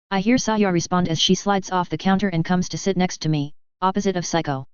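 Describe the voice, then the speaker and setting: A woman reading fan fiction aloud as narrator in an even, steady manner, in a dull lo-fi recording. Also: lowish voice, brisk, few pauses, clear, resonant tone, no room sound.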